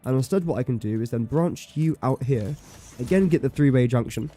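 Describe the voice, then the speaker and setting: Mellow-voiced man thinking aloud while gaming. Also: medium pitch, a little fast, faint music behind. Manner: thinks aloud, counts and does sums under his breath, self-mocking. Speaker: game streamer. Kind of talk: casual live-stream commentary.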